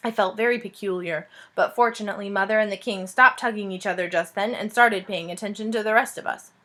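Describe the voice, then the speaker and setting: A woman reading a children's fantasy book aloud in a lively, expressive way. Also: mid-range voice, fast. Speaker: reader. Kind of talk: storybook read-aloud narration.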